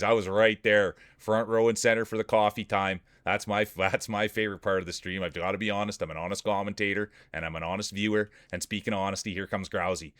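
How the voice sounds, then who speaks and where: Deep-voiced man calling marble races. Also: a bit bright, dry recording, studio quality. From Canada. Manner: hyped announcer patter, chatting with viewers. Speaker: streamer doing marble race commentary. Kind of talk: playful sports-style race commentary.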